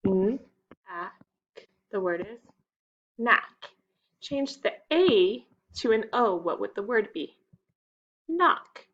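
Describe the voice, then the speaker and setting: A woman's voice: medium pitch, animated, slow pace, pauses often, lo-fi sound. A woman teaching young children a phonics lesson, patient and stretching out the key words.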